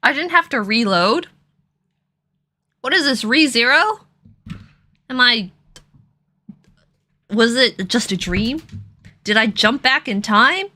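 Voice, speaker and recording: A woman's voice: a little high, lively intonation, slow, long pauses, bright, forceful tone. A young woman streaming a let's play, reading the game text aloud dramatically and dropping playful, giggly asides. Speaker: gaming streamer.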